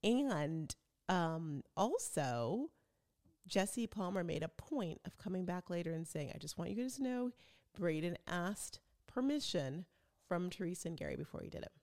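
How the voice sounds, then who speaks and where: A woman's voice: fairly low pitch, big pitch swings, measured pace, darkish tone. A middle-aged woman, chatting casually as a podcast host and telling stories with quoted voices. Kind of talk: casual chat.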